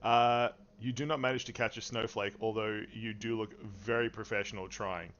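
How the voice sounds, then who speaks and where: A man narrating a tabletop game as game master, unhurried and easygoing, with frequent fillers and chuckles. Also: on the low side, steady tone, fairly bright tone, a little hiss or hum. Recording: dull lo-fi stream audio.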